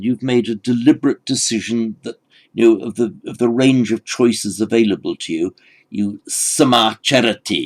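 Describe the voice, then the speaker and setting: A man lecturing on the meaning of old scripture, explaining word by word in a thoughtful way with frequent restarts. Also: mid-range voice. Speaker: teacher. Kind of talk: textual lecture on Pali scripture.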